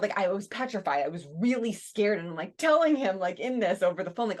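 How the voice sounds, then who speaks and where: A woman co-hosting a podcast, telling a personal story in a casual, animated way, often saying "like". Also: lowish voice, fast, hardly any pauses. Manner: animated, heavy use of "like", frequent restarts. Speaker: podcast co-host.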